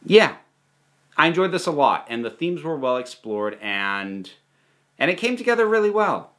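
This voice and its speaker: A man giving a casual spoken movie review, animated, with many restarts and asides. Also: fairly high pitch, moderate pace.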